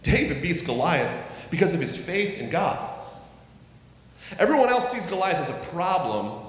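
Guy preaching a sermon, slightly high voice, earnest, big roomy echo. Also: big pitch swings. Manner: earnest, reads scripture aloud, slows for emphasis. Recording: echoey hall with faint ambience.

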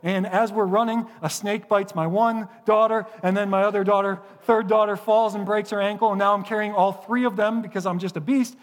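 High-voiced pastor in an echoing hall. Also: male voice, fairly quick, hardly any pauses. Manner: self-mocking, sarcastic, animated storytelling. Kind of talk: sermon. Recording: long hall reverb.

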